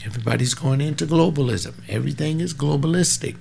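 A man's voice: a little high, fast, gravelly, a little mellow, a little hiss or hum. A man in his seventies preaching in an informal, rambling way, fervent, with folksy asides and sudden bursts of emphasis. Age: 70s.

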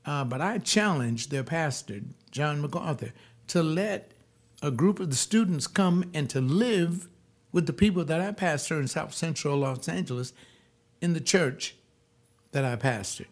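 A man's voice: a little high, expressive, unhurried. An older man, a pastor, telling personal stories in a rambling, digressive monologue with frequent restarts.

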